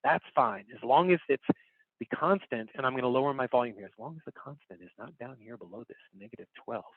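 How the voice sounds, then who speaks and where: A man's voice: medium pitch, brisk, no room sound. A man teaching an online workshop, explaining step by step and repeating key points in a casual, upbeat way while he demonstrates on screen. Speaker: workshop instructor. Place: home recording setup. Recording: dry, phone-like online call audio.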